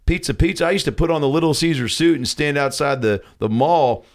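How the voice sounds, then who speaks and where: A man's voice: fairly high pitch, fairly quick, close to an everyday voice. A man playing a brash, crude older male TV doctor hosting a talk show, rambling and leering. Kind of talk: improvised comedy sketch.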